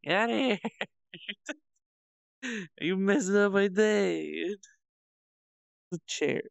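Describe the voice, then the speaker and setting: A streamer giving casual, giggly commentary while playing a game, laughing often, swearing casually and letting out sudden excited squeals. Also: medium pitch, slow, vocal fry, no room sound, dull audio.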